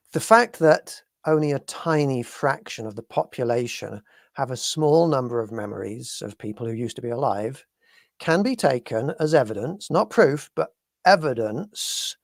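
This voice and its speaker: A man from the UK co-hosting a live paranormal talk show, speaking in a measured, hesitant way as he searches for words. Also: medium pitch, no room sound, clean studio sound. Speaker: podcast co-host.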